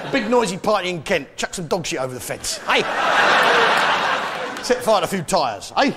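A man's voice: sits high, big pitch swings, measured pace, pauses often. An English man doing a stand-up comedy rant with bombastic mock-patriotic bluster, barking out punchlines on a comedy stage. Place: comedy stage before a live crowd. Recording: loud live audience laughter and noise.

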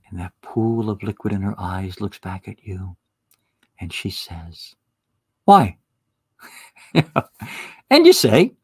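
A man's voice: on the low side, darkish tone, dry recording, studio quality. A man giving a retreat talk, telling a story with acted-out dialogue and reading scripture. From United States. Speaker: retreat speaker.

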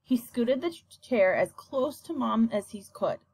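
A woman narrating a children's novel with an expressive, even-paced reading. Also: a little high, a little slow, no room sound. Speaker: audiobook narrator. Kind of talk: scripted storybook narration.

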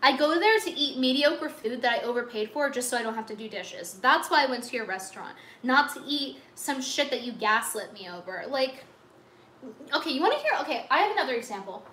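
A young woman with a high voice rants to her livestream chat, exasperated and sarcastic. She swears freely and piles on the complaints. Her voice bounces around a roomy, echoey space. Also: expressive, a little fast, a bit bright. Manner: exasperated, profane, sarcastic ranting.

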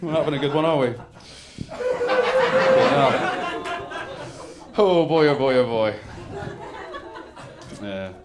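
A man, performing a live stand-up set and swinging from mumbled asides to loud bursts. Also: on the high side, huge pitch swings, takes it slowly, long pauses. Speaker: stand-up comedian. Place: live comedy venue with audience. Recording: clear crowd noise and laughter in a theatre.

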